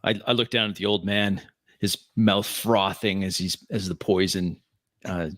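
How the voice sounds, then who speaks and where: A man's voice: sits low, steady tone, a little slow, fairly bright tone, dry recording. A man playing a tabletop game in character, blunt and casual. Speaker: player.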